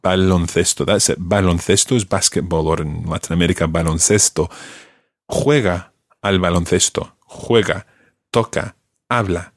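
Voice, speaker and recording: A man hosting a language-learning podcast, explaining grammar patiently and clearly. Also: deep voice, moderate pace, no room sound, clean studio sound. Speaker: language teacher and podcast host.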